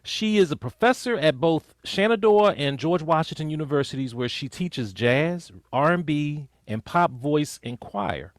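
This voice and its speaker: A man's voice: on the high side, animated, a little slow, hardly any pauses, no room sound, clean studio sound. Upbeat man hosting on a video call. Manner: upbeat, reads guest introductions. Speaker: host. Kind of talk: hosting an online community sing-along.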